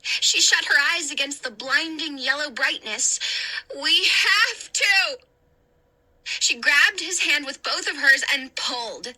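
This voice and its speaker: A woman reads a spooky chapter book aloud in a deliberate, dramatic way. Her voice sits high and sounds crisp and bright. She takes her time over every line. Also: rough recording. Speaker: narrator. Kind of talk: audiobook reading.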